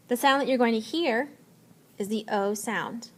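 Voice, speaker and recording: A woman teacher giving a spelling lesson, slowly and patiently sounding out letters and words. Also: on the high side.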